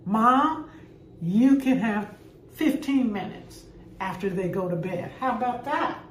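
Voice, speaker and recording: A woman's voice: on the high side, animated, slow pace. An older woman and grandmother, co-hosting a casual chat and giving upbeat parenting tips. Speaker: co-host. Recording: echoey room with faint noise.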